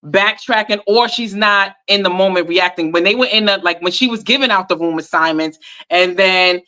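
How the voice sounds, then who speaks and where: A woman co-hosting a live reality-TV recap, talking in a casual, animated way with informal slang. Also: medium pitch, moderate pace. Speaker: podcast co-host.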